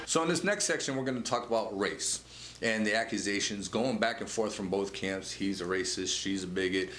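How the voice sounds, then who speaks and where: Man, show host, political commentary, low voice, stammering restarts, echoey room. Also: a little fast, music in the background. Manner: conversational, with frequent stammered restarts. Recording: echoey room with faint noise.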